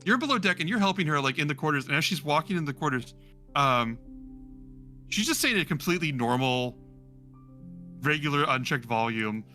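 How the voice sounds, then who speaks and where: A man running a tabletop game as game master, his voice bright and clear. He narrates loosely and relaxed, full of ums. Faint music is in the background. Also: a little high, a little fast, pauses often. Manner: relaxed, with many fillers.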